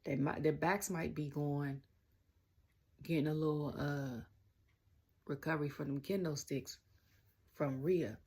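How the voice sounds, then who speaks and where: Young Southern woman, low pitch, raspy, chatty reviewer rambling with slang. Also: fairly even intonation, a little slow, long pauses, mellow. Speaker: wrestling show reviewer. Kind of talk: casual rant-style review.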